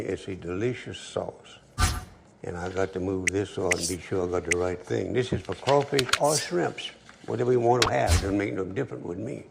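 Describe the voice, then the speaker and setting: A man's voice: lowish voice, gravelly, slight background noise. An older man, cooking at the stove and chatting folksily as he tells a story. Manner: folksy, chatty, talks to himself while working. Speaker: cook. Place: home kitchen at the stove.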